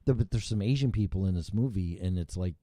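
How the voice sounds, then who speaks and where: A man's voice: low-pitched, quick pace, mellow, no echo, clean studio sound. A man hosting a casual chat show, rambling and swearing freely, with frequent restarts. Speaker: show host.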